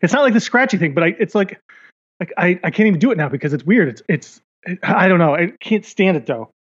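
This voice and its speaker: A man's voice: high voice, animated, fast, muffled recording. A man co-hosting a podcast, rambling and hesitant in casual banter and laughing often. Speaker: podcast co-host.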